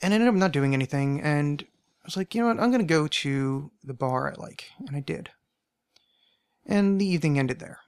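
A man's voice: fairly high pitch, lively intonation, normal speed, clear, resonant tone, no room sound, studio quality. A man hosting a podcast alone, telling a rambling anecdote and often correcting himself as he goes. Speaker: podcast host. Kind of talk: casual solo storytelling.

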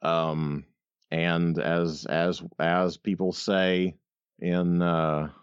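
A man with a very deep voice in casual podcast chat, wry and deadpan, who curses offhandedly and slips in puns. The recording is a bit dull and lo-fi, dry and close with no room sound. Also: extremely slow, clean tone, no echo. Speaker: podcast co-host.

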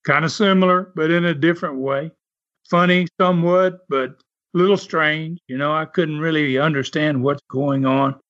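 Older Southern man with a drawl, slightly high voice, a chuckling, chatty storyteller, dull lo-fi audio. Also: steady tone, normal speed, a bit bright. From American South. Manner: chatty, chuckling, many "uh" fillers. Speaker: former wrestler telling stories. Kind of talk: casual storytelling.

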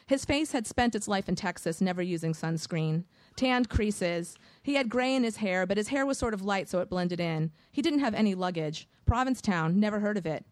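A woman reading a first-person audiobook in a measured, wry storytelling manner. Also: mid-range voice, lively intonation, no room sound. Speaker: audiobook narrator.

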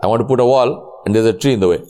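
A man's voice: medium pitch, rapid-fire. A man preaching a sermon and telling stories, voicing the people in them. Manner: animated, voices characters in his stories. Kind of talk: sermon storytelling.

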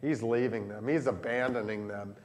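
A pastor with a Southern Illinois accent, leading a lively catechism lesson for children and adults and quizzing the class. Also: male voice, medium pitch, moderate pace. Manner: animated, asks the class questions.

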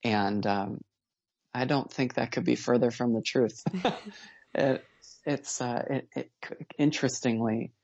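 A man shares his story as an interview guest, his voice gravelly with a bit of fry. He talks in an earnest, measured way, pausing and rephrasing as he reflects. The sound is dry and a little dull, like a modest lo-fi recording. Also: mid-range voice, steady tone, darkish tone, dry recording. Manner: earnest, measured, with pauses and restarts. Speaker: guest, father.

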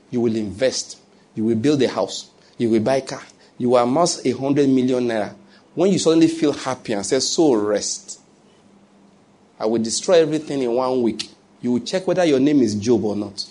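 A man's voice: medium pitch, a little fast, warm tone. A man with a Nigerian accent preaching a sermon as a pastor, asking rhetorical questions and mixing in humor.

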